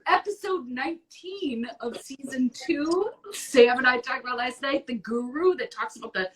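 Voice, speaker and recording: A woman hosting an advice show in casual chat, blunt and profane, talking with animated emphasis. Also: high-pitched, normal speed, recorded from a distance, rough recording.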